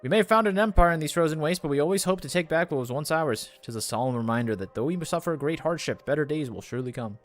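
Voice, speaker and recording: A man's voice: on the high side, quick pace, few pauses, pitched above the performer's own voice, lightly acted. A man reading game dialogue aloud, voicing a proud, delusional male refugee who boasts earnestly about his radio. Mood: hopeful.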